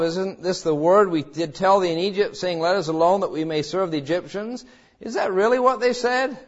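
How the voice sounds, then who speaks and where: Man preaching a sermon, lo-fi sound. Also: sits high. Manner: preaching with dramatic rises, voicing quoted cries and God's words. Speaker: pastor.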